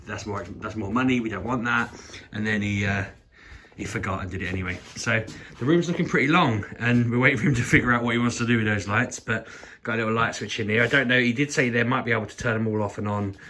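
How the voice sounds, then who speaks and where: A man, chatting excitedly and rambling through a casual vlog. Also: fairly low pitch, a little hiss or hum. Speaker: vlogger.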